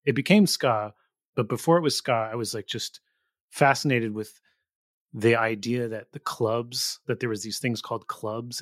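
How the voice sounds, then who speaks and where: A man's voice: medium pitch, a bit bright, no echo, studio quality. A man from the Bay Area hosting a podcast, talking about music in an eager, earnest fan's way. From Bay Area, USA. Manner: eager, earnest fan talk. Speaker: podcast host. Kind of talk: casual interview chat.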